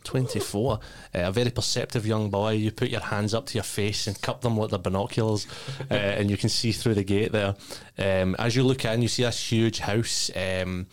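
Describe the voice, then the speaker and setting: A man running a tabletop game as game master, narrating scenes in a relaxed way with many fillers. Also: lowish voice.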